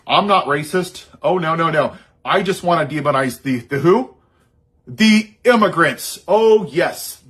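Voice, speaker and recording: A man's voice: on the high side, fairly bright tone, breathy edge. A man giving an impassioned, sarcastic political monologue. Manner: sarcastic, heated, mocking asides. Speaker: social media commentator.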